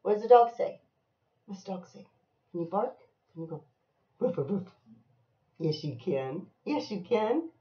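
A woman reading a picture book aloud to a young child, slow and sing-song, with coaxing questions. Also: medium pitch, very animated, warm tone, echoey room. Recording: dull lo-fi home recording.

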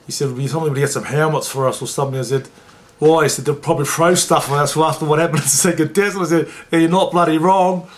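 A man, a former rugby league player telling an emotional story in an interview and getting lively when he quotes others. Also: fairly high pitch, fast, few pauses. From New Zealand.

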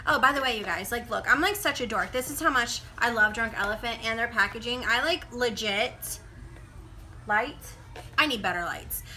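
A woman's voice: fairly high pitch, sharp tone, a little hiss or hum. A young woman vlogging a casual product review at home, chatty and sassy, calling viewers honey and girl and talking like a motor mouth. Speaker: beauty vlogger. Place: home room with poor lighting.

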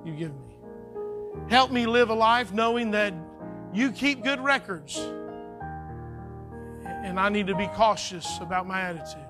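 Preacher guy, high pitched, chatty sermon in a church, faint music in the background. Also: lively intonation, a little slow, long pauses. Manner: folksy, conversational preaching with acted-out quotes. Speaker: pastor. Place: church sanctuary. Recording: faint music behind, church live stream.

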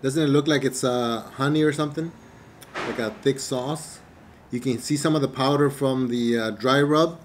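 A man doing a casual eating review to camera, relaxed and hesitant, with many fillers and chewing pauses, a little away from the mic. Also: medium pitch, a little hiss or hum. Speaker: mukbang vlogger. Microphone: camera mic at table distance.

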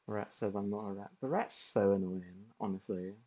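A man's voice: on the low side, normal speed, warm tone. A man streaming a video game, chatting casually and laughing often as he plays. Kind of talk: casual gameplay commentary.

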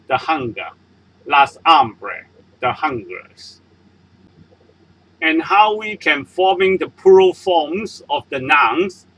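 Slow, husky-voiced male language teacher. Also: a little high, sharp tone, rough recording. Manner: patient, explains word by word with examples. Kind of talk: slow step-by-step language lesson.

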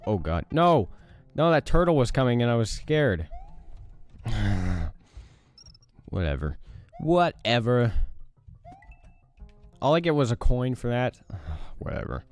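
Expressive young man, gaming commentary. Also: medium pitch, a little fast, hardly any pauses, soft background music. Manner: reactive, exclaims and groans at the game, swears. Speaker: gaming YouTuber. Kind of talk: casual let's play commentary.

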